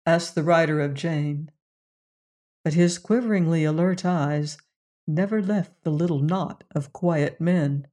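A narrator hosting and reading a western novel aloud in a measured, deliberate manner. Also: medium pitch, fairly even intonation, darkish tone. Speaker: audiobook narrator and show host.

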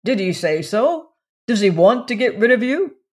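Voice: medium pitch, very animated, moderate pace, darkish tone. A narrator voicing a testy, sly old uncle. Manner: testy, self-satisfied.

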